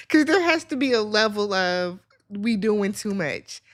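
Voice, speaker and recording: A woman from Milwaukee hosting a casual talk show, playful and animated with lots of laughter. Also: mid-range voice, slow pace. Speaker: show host. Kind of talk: casual podcast chat.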